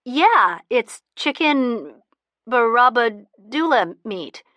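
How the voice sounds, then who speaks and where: A woman doing a flustered, excitable young woman. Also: normal speed, dry recording. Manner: high, breathless, excitable.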